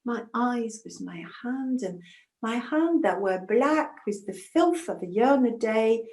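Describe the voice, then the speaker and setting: A woman's voice: fairly high pitch, animated, a little slow, darkish tone, roomy sound. A woman storyteller telling a folktale in the first person, intimate and emotional, with asides to her listeners.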